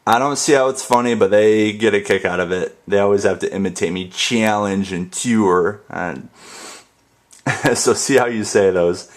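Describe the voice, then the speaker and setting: A man's voice: on the low side, moderate pace. A young man from the northern United States, rambling casually and jokingly through a dialect tag and spelling words out. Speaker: YouTube creator.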